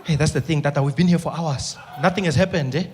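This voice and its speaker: An anxious young driver , as a comedian puts him on, pleading. His voice runs high and strained, anxious and earnest. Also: quick pace, a little mellow, close to an everyday voice. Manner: pleading, repeats "Tata".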